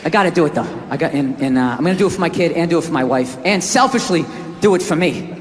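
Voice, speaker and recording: A middle-aged man doing a stand-up rant, profane and exasperated, often shouting. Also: on the high side, animated, fast. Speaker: stand-up comedian. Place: large theater on stage. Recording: live show, roomy echo, loud crowd laughter. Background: audience laughter.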